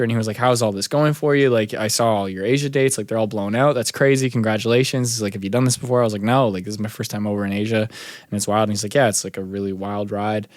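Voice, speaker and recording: A young man talks in a relaxed, rambling way, full of fillers as he tells a story. His voice sits a little low. The sound is dry and close. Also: no room sound. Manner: laid-back storytelling, many fillers. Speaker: musician guest. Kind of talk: casual interview chat.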